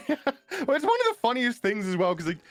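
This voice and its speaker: A man's voice: extremely high pitch, huge pitch swings, a little fast, dry recording, soft background music. A man with a British accent, chatting casually as a stream guest, dry and joking, laughing often.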